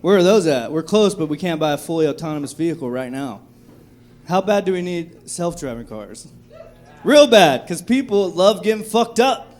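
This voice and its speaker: Man, stand-up comedian, fairly high voice, profane, chatty, comedy club. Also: animated, normal speed, darkish tone. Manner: profane, conversational, acts out drunk voices.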